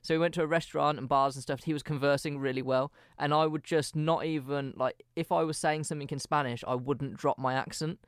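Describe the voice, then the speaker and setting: A man with a Brummie accent co-hosting a casual podcast, self-deprecating and halting with restarts. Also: on the high side, fairly even intonation, smooth, dry recording, studio quality. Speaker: podcast co-host.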